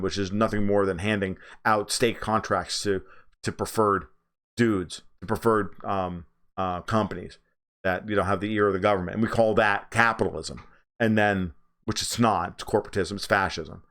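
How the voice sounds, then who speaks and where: A man's voice: fairly low pitch, a bit bright, smooth. Profane, ranting male political streamer. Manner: profane, sarcastic ranting with hesitant fillers. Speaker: political livestream host. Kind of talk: casual political commentary.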